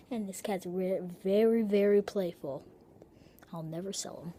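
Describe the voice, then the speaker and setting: A woman chatting casually in a home video, showing her pet and rambling with breathy asides and self-corrections. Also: medium pitch, unhurried, warm tone, slight background noise.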